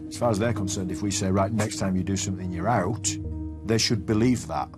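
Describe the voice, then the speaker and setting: A man, a head teacher speaking in a firm, measured way. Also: low voice, over music. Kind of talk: documentary interview and meeting.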